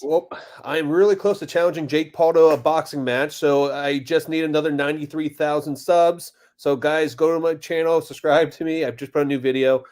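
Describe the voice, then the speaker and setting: A man co-hosting a live chat stream, upbeat and brisk as he promotes his channel. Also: a little high, steady tone, darkish tone. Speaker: co-host.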